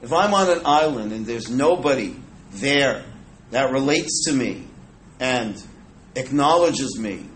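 A man's voice: medium pitch, expressive, a little slow, a bit bright, slight background noise, poor audio. Male Torah teacher, mid-range voice, chatty lecture style with jokes and Hebrew terms. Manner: conversational, jokes with the audience, Hebrew and Yiddish terms. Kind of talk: informal Torah class.

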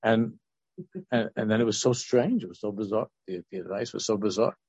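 A man's voice: on the low side, a little fast, a little mellow, husky, no room sound, lo-fi sound. A man in his sixties, a religious teacher and counselor, giving an informal Torah talk that rambles through restarts and asides.

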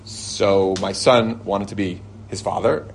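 Living in Israel, this man tells lively stories to a group and works religious teaching into them, often leaping to a high, excited voice when quoting people. He chuckles and restarts mid-sentence, speaking slowly in a gravelly voice over slight background noise.

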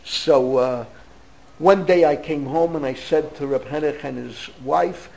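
Older rabbi, slow and gravelly. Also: male voice, on the high side, a little mellow, rough recording. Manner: digressive storyteller, emphatic. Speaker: rabbi teaching a class. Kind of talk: Torah lecture with stories.

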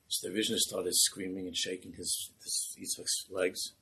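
A man delivers a sermon as a lively story and acts out its characters. His voice sits low and sounds very husky and raspy. Gravel creaks through the ends of his lines. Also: normal speed, few pauses, poor audio.

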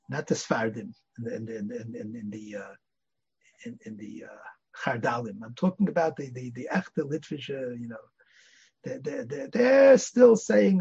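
A man's voice: on the high side, lively intonation, moderate pace, a little mellow. An older man, a rabbi giving a Torah class, telling stories and mixing Yiddish and Hebrew words into his English. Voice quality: gravelly, husky. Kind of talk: Torah lecture with anecdotes. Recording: dull lo-fi lecture recording.

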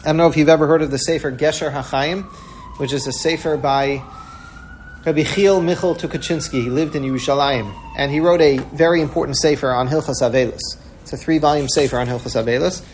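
Male preacher, earnest parable teller with a slightly high voice; faint room noise. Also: quick pace. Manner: earnest storyteller, acts out quoted voices. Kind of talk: sermon-style storytelling.

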